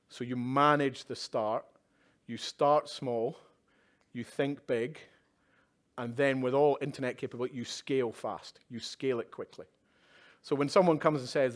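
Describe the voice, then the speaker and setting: A man's voice: medium pitch, moderate pace. Male keynote speaker on a conference stage, chatty, drops wry asides and "yeah?" checks to the room. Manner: conversational, with tag questions and wry asides. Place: conference stage at a live event.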